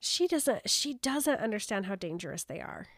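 A woman's voice: medium pitch, moderate pace, no room sound, clean studio sound. A woman co-hosting a casual podcast, reacting to a story with jokes and frequent laughter. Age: adult parent. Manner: expressive, laughs often, jokey reactions. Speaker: podcast co-host.

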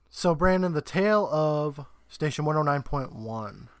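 A man's voice: on the high side, no room sound, clean studio sound. Man co-host recapping with frequent laughs. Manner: laughs often, lively playful recapping. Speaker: podcast co-host. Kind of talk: casual chat recapping a TV episode.

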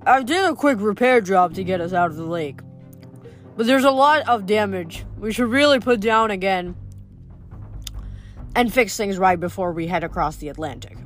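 A woman's voice: mid-range voice, moderate pace, soft background music, close to an everyday voice. A woman reading as an upbeat teenage boy mechanic. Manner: upbeat, talking through a mouthful.

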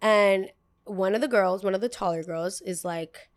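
A woman's voice: medium pitch, moderate pace. Chatty young woman telling a podcast story. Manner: chatty, peppered with "like", acts out quoted voices. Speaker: podcast host.

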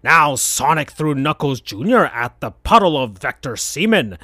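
A man hosting a podcast, reading absurd fan fiction aloud in a slow deadpan. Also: fairly high pitch, no echo, studio quality. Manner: slow, deadpan, breaks into laughter. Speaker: podcast host.

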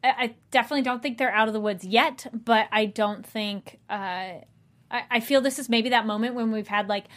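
A woman's voice: on the high side, steady tone, fairly quick, fairly bright tone. A woman hosting a casual after-show chat and reading a sponsor segment, with lots of fillers. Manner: chatty, with many fillers and hesitations. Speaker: host.

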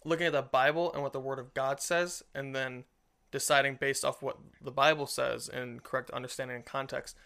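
A man's voice: mid-range voice, brisk, creaky, smooth. A man co-hosting a casual Christian discussion podcast, rambling and acting out little quoted voices as he talks. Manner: rambling, animated, acts out quotes. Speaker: podcast co-host.

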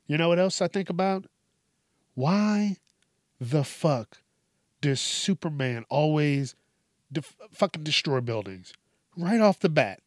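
A man's voice: fairly high pitch, lively intonation, takes it slowly, pauses often, dry recording, studio quality. A man hosting a podcast alone, rambling through a casual, profane, self-mocking monologue. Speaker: podcast host.

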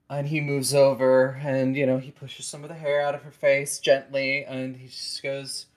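A game master narrating a tabletop game, softly and hesitantly, with many fillers. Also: mid-range voice, fairly even intonation, moderate pace, few pauses, poor audio.

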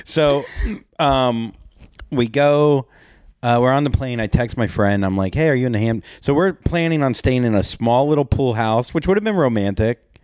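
A man's voice: medium pitch, lively intonation, normal speed, darkish tone, clean tone, dry recording, clean studio sound. A man co-hosting a podcast, telling crude, joking stories in casual chat. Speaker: podcast co-host.

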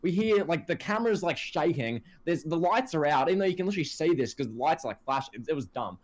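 A podcast co-host with a fairly high voice rants fast and animatedly during a casual wrestling chat. He quotes other people in put-on voices.

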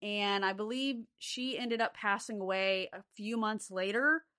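A young adult woman telling a story from her days as a care aide, relaxed and unhurried, with lots of "like" fillers. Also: medium pitch, smooth. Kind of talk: casual spoken ghost story.

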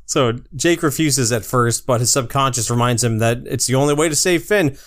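A woman co-hosting a podcast, recapping a cartoon episode in casual chat, giggly and animated as she tells the story. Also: very deep voice, normal speed.

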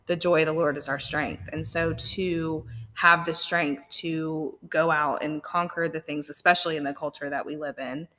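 Bright, even-toned woman host, reverberant. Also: sits low, moderate pace, few pauses. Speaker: podcast host. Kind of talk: casual faith chat. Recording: long reverb room.

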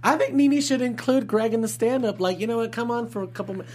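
A woman's voice: a little high, quick pace, darkish tone, slight background noise. A woman co-hosting a fan after-show, chatting casually with playful asides. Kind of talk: casual chat.

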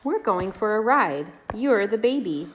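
A woman reads a picture book aloud to toddlers, taking her time over every line. Her voice swoops up and down with lively, playful pitch, and she drops in animal noises and questions for the little ones along the way. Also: slight background noise. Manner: slow, sing-song and playful, asks the children questions and makes animal sounds. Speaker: host reading to small children.

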